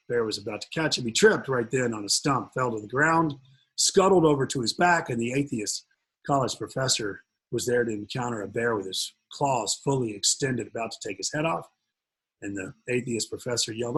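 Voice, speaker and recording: A man hosting an investment webinar, talking casually with jokes, rambling and filling pauses with ums. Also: mid-range voice, a bit bright, husky, rough recording. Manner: rambling, joking, many fillers. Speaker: webinar host and investment speaker.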